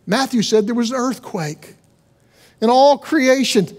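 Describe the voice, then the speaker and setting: High-voiced man preaching earnestly. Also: measured pace. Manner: conversational, earnest preaching with rhetorical questions. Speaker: pastor. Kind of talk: sermon.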